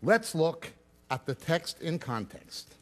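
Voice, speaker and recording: A man's voice: a little high, very animated, slow. A man giving an expository Bible teaching, reading scripture aloud and explaining it with emphatic stress that rises and drops sharply.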